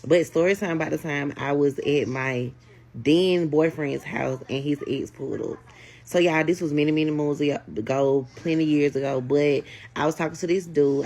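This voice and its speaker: A woman telling a casual storytime, animated and talking straight to her viewers. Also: low-pitched, moderate pace, gravelly.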